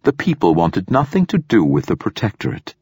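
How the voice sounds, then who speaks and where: A man voicing a calm, precise male android companion in an audiobook. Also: on the low side, brisk, breathy edge, no echo, studio quality, pitched above the performer's own voice, full character voice.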